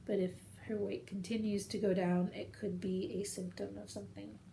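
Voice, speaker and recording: A woman's voice: medium pitch, little pitch movement, normal speed, vocal fry, mellow, slight background noise. A woman in her thirties chatting casually at home as the host of a knitting video show, rambling from one story to the next. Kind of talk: casual chat to camera.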